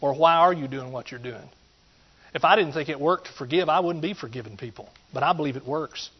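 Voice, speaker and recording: A middle-aged man with a drawl preaches in a folksy, conversational way, with a fairly high voice. He punches his key points loudly, drops to quiet asides, and keeps checking in with the congregation. The recording sounds dull and lo-fi. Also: a little fast, husky. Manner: folksy, swings between loud emphatic points and quiet asides, calls out to the listeners. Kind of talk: sermon.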